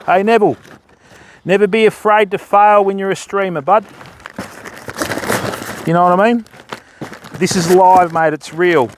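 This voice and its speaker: This fishing livestreamer, a Western Australian man, keeps up a relaxed, chatty banter with viewers from the riverbank, calling people by name in a matey way. He speaks in a high, steady voice at a measured pace with long pauses, and there is slight background noise.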